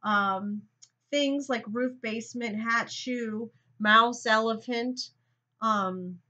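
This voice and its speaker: A woman's voice: a little high, slow, bright, forceful tone, dull audio. A woman teacher giving a recorded grammar lesson, thinking aloud and talking straight to her students.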